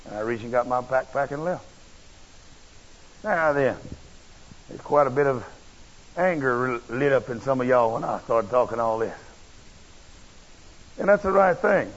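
A man's voice: medium pitch, unhurried, long pauses. A man preaching a sermon, telling a personal story in a folksy, blunt and emphatic way. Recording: dull lo-fi recording.

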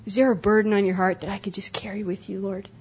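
A woman's voice: medium pitch, level tone, fast talker, breathy edge. A young adult woman speaking at a conference breakout session, earnest and emotional, often repeating herself. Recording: dull lo-fi live recording.

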